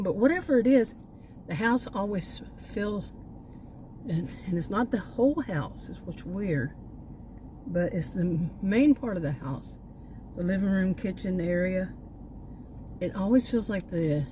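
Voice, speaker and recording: Older woman, casual home vlog, rambling, cynical, short of breath, warm dark tone. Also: lowish voice, a little hiss or hum, poor audio. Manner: rambling, cynical, frequent restarts. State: often out of breath. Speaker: vlogger.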